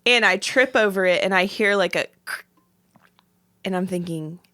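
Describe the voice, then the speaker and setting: A young adult woman co-hosts a casual podcast with a bright, forward tone. She tells stories animatedly, jumping into the voices of the people she quotes. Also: medium pitch, moderate pace. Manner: animated storyteller, acts out quotes. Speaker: podcast co-host. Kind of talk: casual chat.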